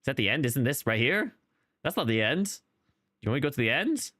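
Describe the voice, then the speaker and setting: A man's voice: mid-range voice, big pitch swings, fairly quick, sharp tone, no echo, clean studio sound. A man streaming a game who rambles through casual commentary, questioning himself and restarting his sentences often. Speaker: gaming streamer.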